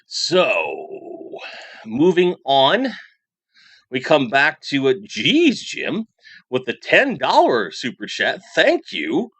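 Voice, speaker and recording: A man's voice: medium pitch, wildly swooping pitch, slow, fairly bright tone, breathy edge, no echo. A man hosting a casual toy news livestream, chatting loosely and reading out viewer messages with frequent restarts. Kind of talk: casual livestream chat reading super chats.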